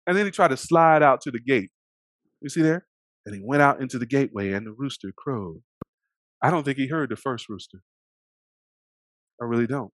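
A man preaching a sermon, animated, swinging between loud emphasis and hushed moments, sometimes acting out the voices of the people in the story. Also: medium pitch, brisk, long pauses, no room sound. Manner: animated, acts out voices of the characters.

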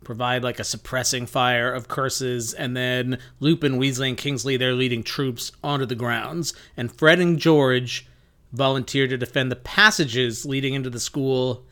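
A man's voice: mid-range voice, fairly even intonation, sharp tone. A man co-hosting a podcast, recapping a book chapter in casual, joking talk. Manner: jokey, summarizes with quick asides and silly voices. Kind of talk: casual chat.

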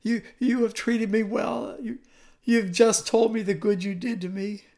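A man playing a defeated old king, quavering, stammering, remorseful, high and strained. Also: fairly even intonation, unhurried, darkish tone. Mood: pitiful.

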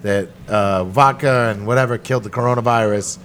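A man's voice: mid-range voice, brisk, fairly bright tone, slight background noise. A man co-hosting a casual podcast, rambling and swearing constantly as he tells stories. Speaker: podcast co-host. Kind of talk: casual profane chat.

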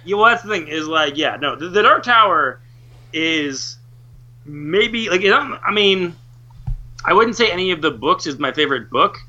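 A man's voice: fairly high pitch, moderate pace. A man in casual podcast chat, ranting with lots of swearing. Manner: animated ranting, swears often. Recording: dull lo-fi recording.

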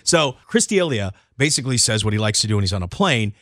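Animated man bantering on radio. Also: on the low side, quick pace, no room sound, studio quality. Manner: animated storyteller, shouts out quoted lines. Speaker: radio show host. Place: radio studio. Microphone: studio mic.

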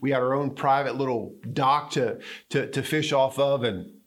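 A middle-aged male pastor preaching a sermon in an animated way, acting out the scripture quotes with emphasis. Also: medium pitch, moderate pace.

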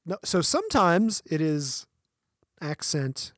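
A man co-hosting a podcast in casual conversation, his voice sitting a little higher than most and swinging widely as he talks. He is animated and laughs often, and he reads bits from an article aloud. The sound is dry and close to the mic. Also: slow, no echo. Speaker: podcast co-host.

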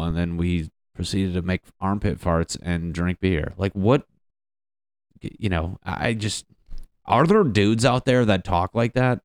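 A man's voice: sits low, measured pace, clean tone, dry recording, studio quality. Rambling, profane male comedian. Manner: rambling, profane storytelling with acted-out quotes. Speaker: stand-up comedian. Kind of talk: stand-up comedy bit.

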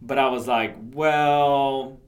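A man's voice: mid-range voice, animated, normal speed. Enthusiastic man telling a personal story. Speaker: podcast co-host. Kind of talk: casual faith chat, storytelling.

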